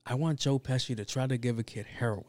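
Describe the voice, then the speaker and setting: A man voicing a self-assured male pop star who pitches wild ideas in a breezy, insistent way. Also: fast, darkish tone, no room sound, lightly acted.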